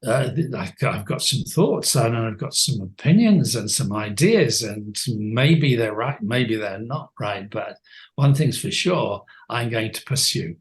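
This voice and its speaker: A man's voice: mid-range voice, animated, measured pace. A man in his seventies, a coach, telling stories from his life in a reflective interview, thoughtful and often restarting his sentences. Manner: thoughtful, with frequent restarts and soft laughs.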